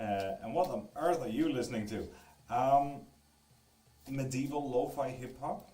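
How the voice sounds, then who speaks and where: A man's voice: mid-range voice, animated, moderate pace, dark tone, far from the mic. A man doing a casual live stream as a tarot reader, joking and swearing freely as he answers viewers. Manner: loose, joking, swears freely while reading viewer comments. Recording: echoey room, voice away from the mic.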